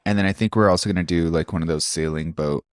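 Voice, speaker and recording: A man's voice: low voice, fairly even intonation, fast talker, dry recording, studio quality. A man in his thirties working as a podcast producer, chatting easily, joking and laughing often. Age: 30s. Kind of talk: casual chat.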